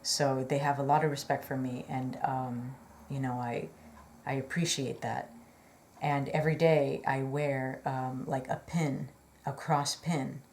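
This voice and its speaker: Chatty low-voiced woman telling her story. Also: fairly even intonation, unhurried, a little mellow, a little hiss or hum. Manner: chatty, rambling, many fillers; earnest, apologetic asides. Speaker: vlogger. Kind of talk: personal storytelling.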